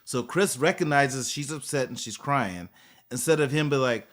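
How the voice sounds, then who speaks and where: Bright-voiced man in casual podcast chat. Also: medium pitch, moderate pace. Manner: animated, acts out little scenes. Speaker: podcast co-host.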